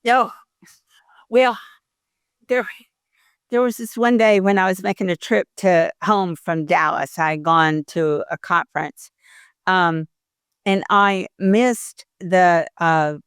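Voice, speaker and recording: Older woman telling lively stories. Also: fairly low pitch, takes it slowly, long pauses, smooth, no echo, studio quality. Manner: animated storyteller, acts out the voices in her stories. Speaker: guest. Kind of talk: casual interview chat.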